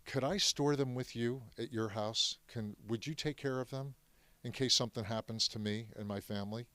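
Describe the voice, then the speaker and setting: A man voicing a cautious middle-aged man who quietly asks neighbors for favors, in a hushed, pleading way. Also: mid-range voice, moderate pace, no room sound, natural voice.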